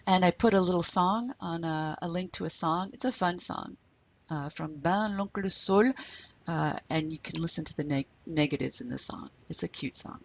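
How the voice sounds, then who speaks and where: Husky-voiced woman teaching a French lesson. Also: on the low side, poor audio. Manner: patient, explains step by step; models French phrases slowly. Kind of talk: recorded online lesson.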